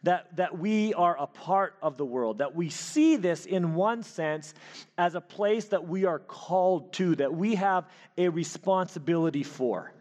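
A man preaching a sermon, telling a personal story with animated delivery and frequent restarts. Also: sits high, unhurried. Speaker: pastor. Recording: hall reverb.

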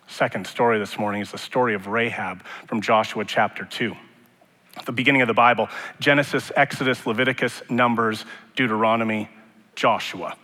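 A male pastor delivers a sermon, mixing scripture with casual jokes. His voice is bright and forceful. A long reverb from the sanctuary trails each phrase. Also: on the low side, steady tone, a little fast. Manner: conversational, joking asides. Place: church sanctuary.

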